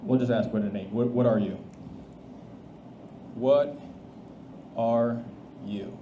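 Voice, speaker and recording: Casual man demoing software in an echoey hall. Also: medium pitch, fairly even intonation, slow, narrow, tinny audio. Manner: casual, restarts often, thinks aloud. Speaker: presenter demoing AI agents. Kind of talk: live tech demo talk. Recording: echoey hall with faint noise.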